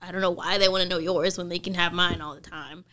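A woman's voice: fairly low pitch, steady tone, fast talker, a loud crowd. A woman co-hosting a podcast in a casual chat, playful and teasing. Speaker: podcast co-host.

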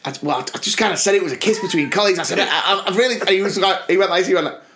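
A man's voice: high-pitched, rapid-fire, sharp tone. A British man co-hosting a podcast, telling a long personal anecdote in casual chat and often breaking into laughter. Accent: British English. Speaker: podcast co-host.

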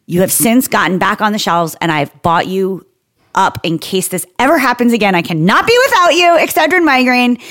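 A woman in her thirties co-hosting a podcast, joking bluntly and swearing freely in casual chat. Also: fairly low pitch. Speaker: podcast co-host.

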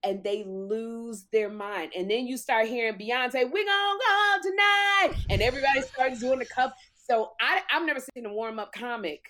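A woman comic telling a story in lively chat, acting out quotes in a loud voice. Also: fairly high pitch, normal speed, few pauses. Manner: animated, acts out quotes loudly. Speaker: talk show host and comic, guest.

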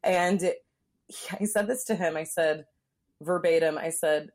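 A woman's voice: deep voice, a little slow, darkish tone. A woman from Southern California, a comedian guesting on a podcast, telling a story in a candid, blunt way and filling her talk with "like.". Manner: frank and blunt, chatty, full of "like" fillers.

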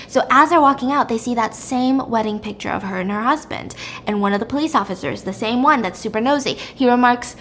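A woman's voice: a little high, fairly quick, fairly bright tone, slight background noise. A woman recapping a story in a casual, chatty, blunt way, using "like" often.

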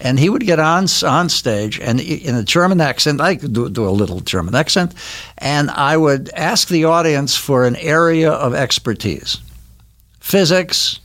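A man's voice: a little high, fairly bright tone. An older man from Wisconsin, a guest in a recording studio, telling stories in a rambling way with many restarts. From Milwaukee, Wisconsin. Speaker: guest, actor. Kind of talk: casual interview chat.

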